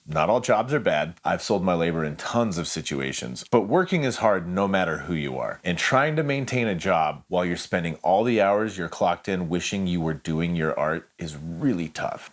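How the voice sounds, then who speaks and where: A man, a singer-songwriter, giving reflective vlog narration in a candid, wry way with plenty of swearing. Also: sits low.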